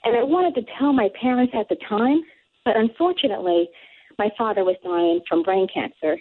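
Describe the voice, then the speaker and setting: A woman calling in to a radio show and telling a story with excited, breathless energy. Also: fairly high pitch, moderate pace, slightly rough. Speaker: caller. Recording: tinny phone line.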